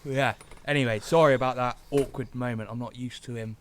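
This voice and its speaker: A man as podcast co-host, chatting casually and teasing his partner with quick laughs. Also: medium pitch, fairly even intonation, slight background noise. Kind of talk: casual chat.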